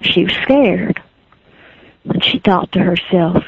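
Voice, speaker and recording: A woman's voice: on the low side, slow, creaky, breathy edge, no echo. A woman telling a folk tale in a rhythmic, repetitive, folksy way. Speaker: storyteller. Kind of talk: oral folk storytelling. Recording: dry, phone-like lo-fi recording.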